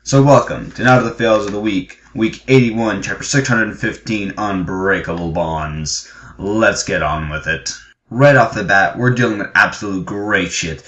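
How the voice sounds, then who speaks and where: A man giving a casual, excitable and profane review of an anime chapter, gushing about his favorites, in a muffled, echoey recording. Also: fairly low pitch, moderate pace. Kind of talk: casual enthusiastic review vlog.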